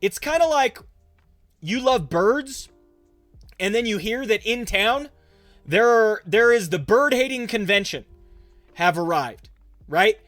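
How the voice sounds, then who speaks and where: Casual high-voiced man talking to a stream. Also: lively intonation, takes it slowly, long pauses, a bit bright, dry recording, soft background music. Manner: casual, conversational, answers chat questions. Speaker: pastor. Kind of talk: livestream Q&A talk.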